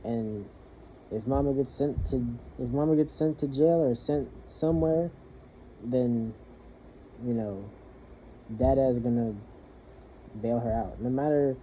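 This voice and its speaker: Young man venting, halting and rambling. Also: medium pitch. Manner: rambling, halting, swears freely. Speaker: soldier venting. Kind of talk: personal venting monologue. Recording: muffled lo-fi with faint hiss.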